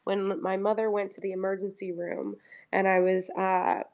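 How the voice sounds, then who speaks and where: A woman's voice: medium pitch, level tone, moderate pace, vocal fry, darkish tone. A talkative woman livestreaming from home, chatting casually and acting out her own conversations. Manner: chatty, over-explaining, quoting herself in dialogue. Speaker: livestream host.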